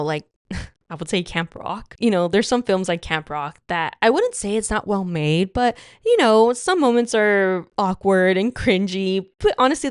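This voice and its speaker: Gushing chatty woman, smooth low voice. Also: no echo, clean studio sound. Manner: chatty and gushing, many fillers like "like" and "you know". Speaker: podcast host. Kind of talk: casual solo podcast chat.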